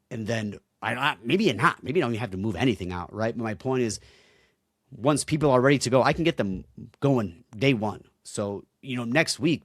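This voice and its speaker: A man's voice: medium pitch, no echo, studio quality. A young man hosting a solo podcast, talking bluntly and swearing freely, fired up as he addresses his listeners directly. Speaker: podcast host.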